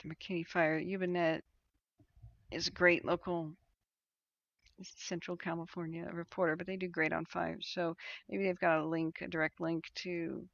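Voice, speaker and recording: A woman with a gravelly, creaky voice talks through a casual live stream, hesitant and full of ums and restarts. The sound is dry and close, with a dull, lo-fi stream quality. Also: on the low side, level tone, normal speed, no echo. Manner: thinking aloud, hesitant, many ums and restarts. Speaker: wildfire tracking livestreamer.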